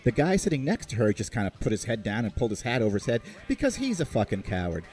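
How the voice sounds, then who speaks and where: A man hosting a podcast, telling a comic story in an animated, sarcastic way and swearing freely. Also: mid-range voice, quick pace. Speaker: podcast host.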